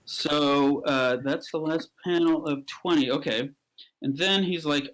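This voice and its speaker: Comic storyteller, male, a bit high-pitched, animated, throws in silly falsetto character voices. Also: unhurried, rough recording. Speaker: improv storyteller.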